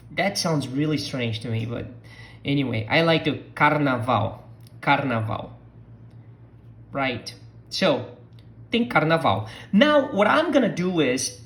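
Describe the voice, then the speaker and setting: In a slow-paced lesson, this speaker from Brazil teaches Portuguese, saying words again and again for learners to imitate. The voice is mid-range.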